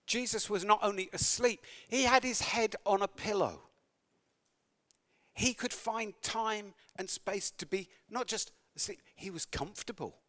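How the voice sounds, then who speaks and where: A man's voice: sits high, a bit bright. A man preaching a sermon, reading scripture aloud and breaking into conversational, wry asides and self-corrections.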